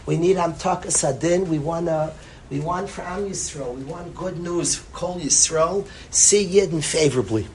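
A man giving an impassioned sermon as a rabbi. He swings between loud emphasis and soft, hushed phrases, and repeats lines for stress. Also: a little high, moderate pace, a little hiss or hum, poor audio.

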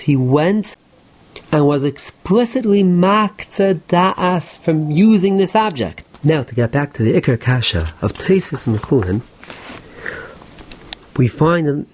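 A man, a rabbi, teaching a Talmud lesson in a steady explanatory way, stressing key points. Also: mid-range voice. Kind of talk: Talmud lecture.

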